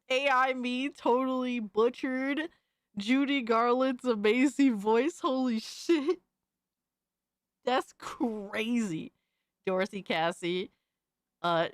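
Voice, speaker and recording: A young woman streamer giving excitable, profane live reaction commentary, full of hype shouts and swearing. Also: on the high side, no echo, clean studio sound. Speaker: streamer host.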